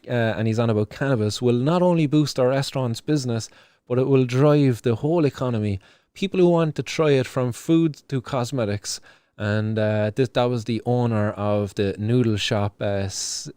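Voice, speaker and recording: A young Irish livestream host vents about the news in loose, swear-filled chat, full of restarts and fillers. His pitch sits in the middle range. The sound is dry and close, with almost no room echo. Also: a little mellow, clean tone. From Ireland. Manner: ranting, swears often, heavy fillers and restarts. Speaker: show host. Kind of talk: casual livestream news commentary.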